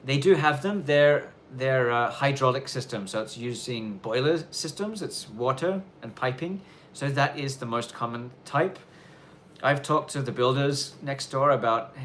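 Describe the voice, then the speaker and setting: Hosting a casual live Q&A from the snowy Japanese countryside, a man speaks at medium pitch, a little slowly, in a fairly bright tone. There's slight background noise, and his chat is loose and rambling, with lots of fillers and restarts.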